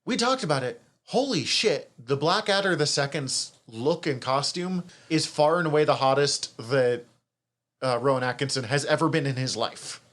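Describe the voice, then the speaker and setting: A fairly high-voiced man chatting casually as a podcast co-host. He is animated, exclaims loudly and swears freely as he talks. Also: moderate pace. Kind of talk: casual chat.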